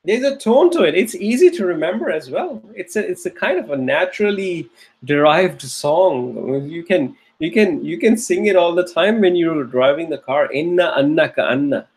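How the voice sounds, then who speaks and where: In a high-pitched, darkish voice, an animated man teaches an online Arabic grammar class at a moderate pace. He repeats material patiently and keeps asking "okay?" to check in.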